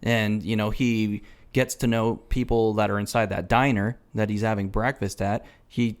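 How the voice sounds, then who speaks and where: A man's voice: on the low side, little pitch movement, normal speed, smooth. A man co-hosting a podcast, talking loosely about a film with fillers and some mild swearing. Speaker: podcast co-host. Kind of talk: casual chat retelling a film.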